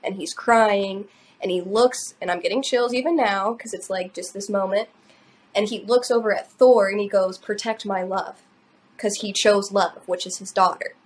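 A young adult woman shares a personal story on a podcast, in a loose, emotional, rambling way. Her voice sits at a middle pitch for a woman, and she often fills gaps with "like" and "you know.". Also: moderate pace. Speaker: podcast co-host. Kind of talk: personal storytelling in casual chat.

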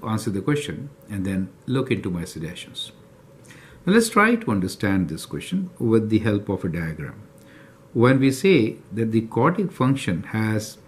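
A man teaching a calculus lesson step by step, often checking in with the viewer. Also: mid-range voice. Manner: explanatory, checks in with "right?" and "do you see that?". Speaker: math teacher.

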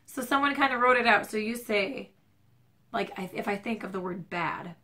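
A woman's voice: a little high, lively intonation, fairly quick, bright, forceful tone. A Midwestern American woman vlogging from home, rambling and self-deprecating, her voice strained and stuffed up. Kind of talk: casual chatty vlog. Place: home at night, dim lighting. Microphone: camera mic, handheld shaky camera.

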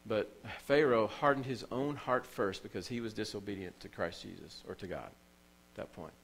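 Male pastor, lowish voice, emotional storytelling sermon delivery with emphatic repetition. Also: normal speed, creaky, fairly bright tone, low-quality recording. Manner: emotional storytelling preacher, repeats phrases for emphasis. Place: church.

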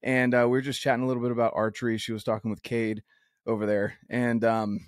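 A man's voice: mid-range voice, little pitch movement, fast, no echo, studio quality. A man hosting an outdoors podcast, talking earnestly in a rambling way with many restarts. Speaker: podcast host. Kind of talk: casual interview chat.

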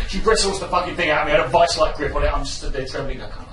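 Male stand-up comic, profane shouting rants, crisp bright tone, roomy echoey venue, faint background noise. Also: on the high side, very fast. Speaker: stand-up comedian. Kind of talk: stand-up comedy routine. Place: comedy venue stage. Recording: echoey live venue, far from mic.

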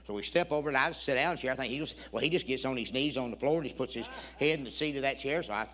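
Man, guest preacher in a church, mid-pitched, telling a story in the pulpit and voicing each side of the dialogue with folksy humor. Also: very fast, fairly bright tone. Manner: folksy, humorous, acts out both sides of a conversation. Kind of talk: storytelling sermon. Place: church sanctuary.

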